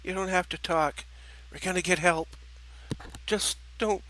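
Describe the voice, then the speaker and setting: A man playing a commanding male space fleet general who shouts orders in a raised, strained voice. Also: sits high, steady tone, measured pace, slight background noise, pitched above the performer's own voice, rough recording. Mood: pleading.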